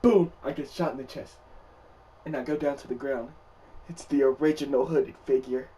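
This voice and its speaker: A young man spins a dramatic story in a casual vlog, animated and loud, his voice jumping up when he quotes himself. His pitch sits in a middling range. He sounds a little distant from the microphone. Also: moderate pace. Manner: animated, loud, rising to shouts in quoted lines.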